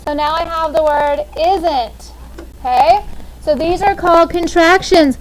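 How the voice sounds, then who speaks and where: A woman's voice: extremely high pitch, measured pace, a little hiss or hum, low-quality recording. A woman in her thirties teaching a classroom grammar lesson, upbeat and often checking in with "okay?". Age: 30s.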